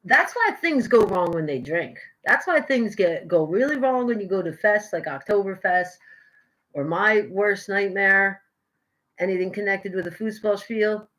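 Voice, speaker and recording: A woman's voice: mid-range voice, lively intonation, unhurried, low-quality recording. An American woman in her young adult years, chatting casually with her viewers while she paints at home, rambling and self-mocking. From United States. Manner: rambling, self-mocking, swings between loud bursts and mutters. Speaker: live streamer painting. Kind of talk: casual chat to live chat viewers.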